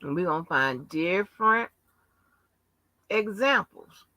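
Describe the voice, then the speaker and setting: A woman hosting a casual livestream, talking bluntly and combatively with frequent swearing and halting restarts. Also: on the low side, lively intonation, bright, forceful tone, no echo, poor audio. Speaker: livestream host.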